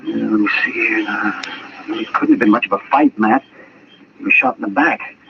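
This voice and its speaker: An actor playing a weary middle-aged frontier town doctor in an old-time radio western, with a drawling, resigned manner. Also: male voice, lowish voice, huge pitch swings, normal speed, vocal fry, full character voice. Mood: grim. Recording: lo-fi old radio recording with hiss.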